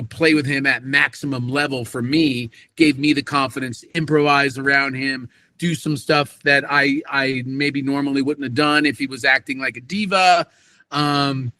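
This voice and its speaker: A man guesting on an interview podcast, telling animated stories about his acting work and acting out the quotes. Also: a little high, dry recording. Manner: animated anecdotes with acted-out quotes. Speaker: voice actor guest. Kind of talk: casual interview storytelling.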